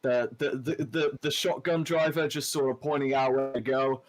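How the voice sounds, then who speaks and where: A man narrates a tabletop adventure as its game master. He talks in a loose, rambling way, stopping often for ums and uhs, and his voice sits at a middling pitch. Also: fairly even intonation, normal speed. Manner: rambling, many filler words.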